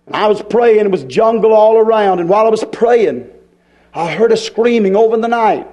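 A preacher with a high, ringing voice delivers a fiery sermon at a brisk clip. His folksy, impassioned style climbs to hollers before dropping low and quiet.

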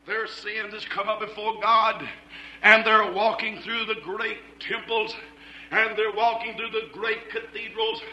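Fiery male preacher, high and sharp, loud rhythmic repetition, echoey room. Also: level tone, measured pace, muffled recording. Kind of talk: fiery shouted sermon.

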